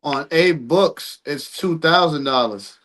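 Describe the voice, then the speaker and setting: A man asking the host quick, loose questions in casual chat. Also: fairly high pitch, fairly bright tone.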